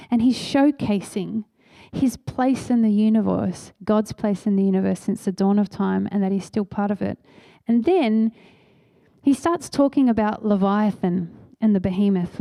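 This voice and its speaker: A woman's voice: mid-range voice, normal speed, gravelly, dark tone, no echo. A woman preaching a sermon in a church, telling a story earnestly and acting out the voices she quotes.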